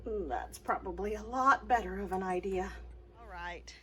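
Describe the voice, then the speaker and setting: A woman's voice: mid-range voice, measured pace, sharp tone. A woman homesteader casually vlogging outdoors at a chicken coop, chatty and laughing, cooing at her animals. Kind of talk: casual vlog narration.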